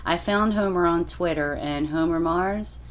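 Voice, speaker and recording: Woman, caller, rambling and chatty, low voice, lots of ums. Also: a little slow. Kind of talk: casual chat.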